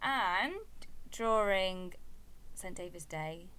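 A woman's voice: on the low side, measured pace, creaky. A woman co-hosting a casual podcast chat, chatty and teasing as she talks through food and customs. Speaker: podcast co-host. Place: home in Wales.

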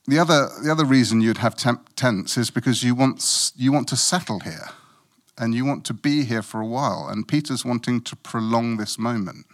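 A man's voice: medium pitch, normal speed. A middle-aged man from Africa preaching a sermon in a conversational, self-mocking way, with playful asides.

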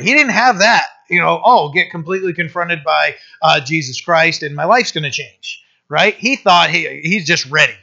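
A man delivers a sermon, reading scripture and then unpacking it in easy, conversational speech. His voice is on the higher side and forceful in tone. The recording is somewhat muffled and lo-fi. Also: vocal fry. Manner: conversational, asks the room "right?" often; reads scripture aloud, then explains it. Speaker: preacher.

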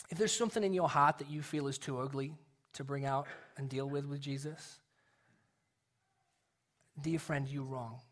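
A male pastor with young kids preaching a sermon, earnest and dropping to a soft hush to make a point. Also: on the high side.

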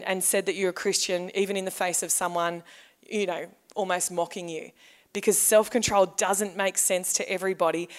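A woman pastor preaches a sermon. She talks in a chatty, storytelling way and acts out the voices of people in her stories. Her voice sits at a middle pitch.

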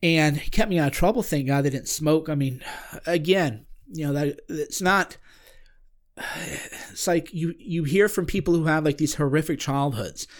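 A man with a somewhat higher voice tells a personal story in casual podcast conversation. He sounds earnest and searching, often halting and restarting mid-sentence as he looks for the right words.

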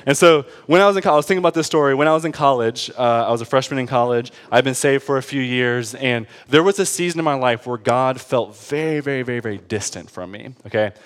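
A young man preaching a sermon in a conversational, animated way, often checking in with his listeners. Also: medium pitch, fast talker, few pauses. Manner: conversational, animated, with laughs and frequent "right?". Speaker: pastor.

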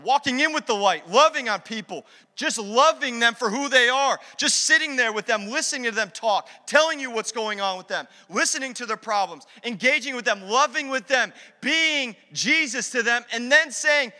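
A man preaching a sermon as pastor, energetic and conversational, slipping into acted asides. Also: very high voice, brisk, faint music behind. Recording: long hall reverb.

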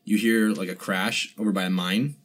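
Rambling lower-voiced man chatting. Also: steady tone, normal speed, a bit bright. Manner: rambling, many restarts and fillers. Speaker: podcast co-host. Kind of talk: casual chat.

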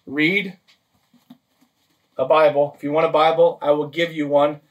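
A man's voice: fairly high pitch, little pitch movement, unhurried. Man preaching from a distance off the mic. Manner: practical, list-driven teaching with frequent "okay?" and "right?" check-ins. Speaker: pastor. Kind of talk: sermon.

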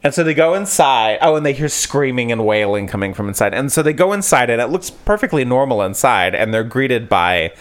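A man co-hosting a casual chat podcast, recapping a book in an animated, rambling way full of restarts. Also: mid-range voice, fairly quick, hardly any pauses. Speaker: podcast co-host.

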